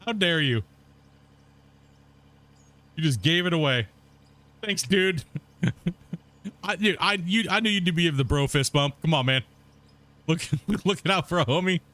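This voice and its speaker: Bright-voiced laid-back gaming streamer man. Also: a little high, expressive, normal speed, long pauses. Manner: laid-back, laughs often, chats with viewers and people at home. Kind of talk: casual live-stream chat. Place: home.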